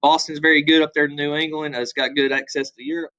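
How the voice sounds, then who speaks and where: A man's voice: a little high, flat delivery, fast talker, bright, forceful tone, highs cut off. A man teaching a casual history review, talking loosely with frequent fillers. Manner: loose, conversational, many "uh" fillers, acts out quotes.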